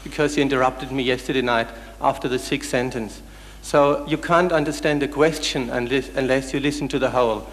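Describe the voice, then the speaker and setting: A man's voice: mid-range voice, fairly even intonation, brisk. A man from the audience at a public lecture, polite but persistent as he presses the chair to let him ask a full question. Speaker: audience member asking a question. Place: large lecture hall. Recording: long hall reverb.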